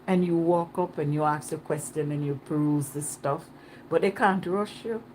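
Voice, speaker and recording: A woman's voice: low voice, moderate pace, slight background noise. Chatty woman vlogging outdoors. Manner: chatty, animated, repeats herself. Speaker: travel vlogger. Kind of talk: casual vlog chat. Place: outdoors on a Caribbean island.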